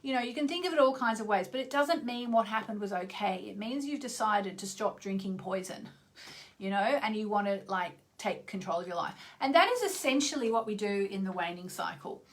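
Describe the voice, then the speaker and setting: A woman's voice: mid-range voice, animated, fairly quick. A woman astrologer talking to her viewers in a casual, rambling vlog, full of asides. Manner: chatty, rambling, many asides. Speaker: astrologer hosting her own channel.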